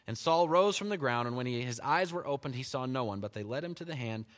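A man preaching a sermon, reading scripture and retelling it in animated storytelling style with frequent chuckles. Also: mid-range voice, quick pace. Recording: long hall reverb.

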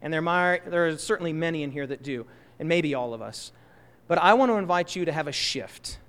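A high-voiced male preacher delivering an impassioned sermon. He drives his points home with loud, rising bursts, then drops into slow, quiet asides. The sound carries a long reverb from the church hall. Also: expressive. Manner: impassioned, swings between loud emphasis and soft slow asides.

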